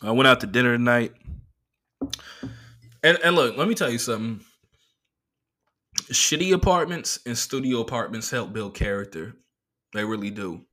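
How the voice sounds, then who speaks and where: A man hosting a solo podcast, telling rambling, profane stories in a casual, animated way. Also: mid-range voice, moderate pace, long pauses. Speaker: comedian and podcast host.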